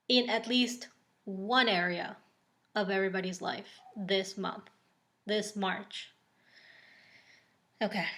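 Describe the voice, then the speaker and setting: A woman talks through an oracle card reading at an unhurried pace, her pitch sitting in an ordinary middle range. She is casual and chatty, with frequent ums and likes. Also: fairly bright tone. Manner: slow and unhurried.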